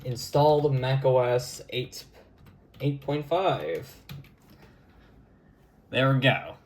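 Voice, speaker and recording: A man's voice: medium pitch, fairly even intonation, slight background noise. A man chatting casually as he records his screen and talks through an old computer setup. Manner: unhurried, chatty, mutters while clicking. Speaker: retro computing vlogger.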